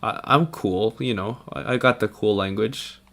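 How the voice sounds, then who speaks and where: A young man with a fairly low voice rambles in a goofy, self-mocking way while he works on a drawing. His talk is loose and unscripted, and keyboard typing clicks in the background. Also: moderate pace, fairly bright tone. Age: young adult. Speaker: vtuber artist. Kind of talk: casual drawing commentary.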